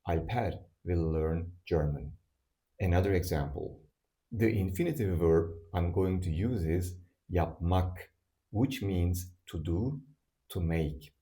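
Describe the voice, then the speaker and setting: A man with a low, dark voice delivers a scripted language lesson at an unhurried pace. He lays out each rule deliberately and repeats every example word so learners can follow. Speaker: language teacher.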